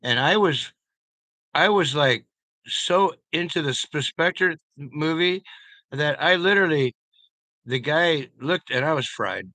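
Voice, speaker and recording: A man's voice: on the high side, animated, slow pace, pushed and bright, dry recording. A man chatting casually with his viewers, telling loose, profane stories and chuckling along as he rambles.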